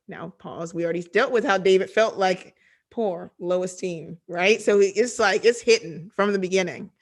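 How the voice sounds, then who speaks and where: A woman teaching a conversational Bible study, reading scripture aloud and then explaining it with animated, chatty asides. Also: on the low side, moderate pace, gravelly.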